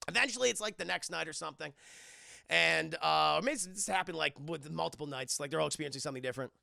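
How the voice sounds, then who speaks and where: A man retells a film scene by scene in an excitable, profane live-stream review. His voice is high for a man, bright and gravelly, and it swings widely as he acts out the scenes. The sound is close and dry. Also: fast talker, no room sound. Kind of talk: casual spoiler review on stream.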